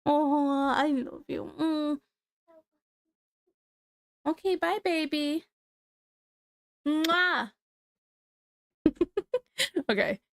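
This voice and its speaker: A woman chatting casually to her livestream chat in a relaxed, talkative way while she draws. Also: sits high, drawn-out words, long pauses, slight background noise. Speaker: livestreamer drawing on stream.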